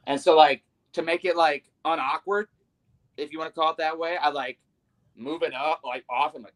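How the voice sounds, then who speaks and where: A man's voice: on the high side, brisk, fairly bright tone, poor audio. A male pro wrestler, a guest on a podcast, telling a story casually in a rambling, sheepish, self-mocking way, full of fillers.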